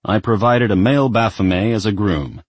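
Man doing a smug growly devil, super deep, husky. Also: moderate pace, dry recording, close to an everyday voice. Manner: menacing, smug. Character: the devil, menacing, smug male demon king.

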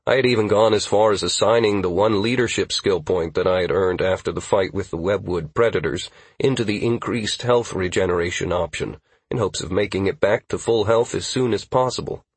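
Husky-voiced man narrating an audiobook. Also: low-pitched, fairly quick, few pauses, no room sound. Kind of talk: first-person fantasy audiobook narration.

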